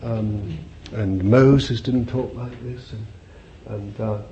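A man's voice: fairly low pitch, fairly even intonation, slow pace, mellow. A man preaching a sermon in a conversational way, repeating phrases and putting questions to his listeners. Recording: dull lo-fi recording with faint hiss.

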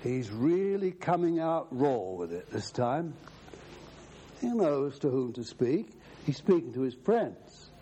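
A man's voice: mid-range voice, sing-song, slow, dark tone, slight background noise. A man preaching a sermon, emphatic, quoting scripture at length.

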